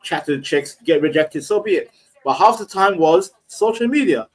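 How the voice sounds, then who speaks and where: A man rants bluntly on a casual panel, crude and unfiltered. His voice sits slightly high. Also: expressive, moderate pace, husky. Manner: blunt, profane ranting.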